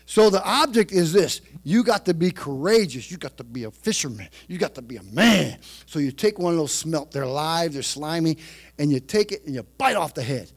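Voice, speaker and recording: A man preaching a sermon, moving from chatty storytelling to loud, shouted preaching. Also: fairly high pitch, animated, normal speed.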